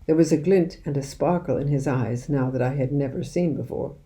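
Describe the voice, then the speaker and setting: A woman narrating a children's novel aloud in an expressive storytelling voice. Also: deep voice, brisk. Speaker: audiobook reader.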